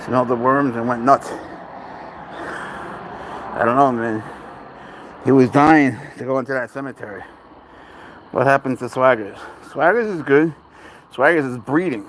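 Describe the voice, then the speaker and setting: Walking near a cemetery outdoors, a man vlogs about his cat, chatting casually to the camera and addressing the cat like a buddy. His mid-range voice is a bit bright and a little slow, with frequent pauses, and slight background noise can be heard.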